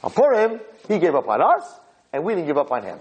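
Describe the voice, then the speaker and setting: A man, a rabbi lecturer, giving a sermon through an animated, dramatic story told with quick restarts. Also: a little high, a little hiss or hum, rough recording.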